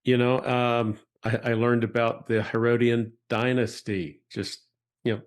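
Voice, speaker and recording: A man's voice: medium pitch, level tone, measured pace. Affable male interview host. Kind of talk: casual interview talk.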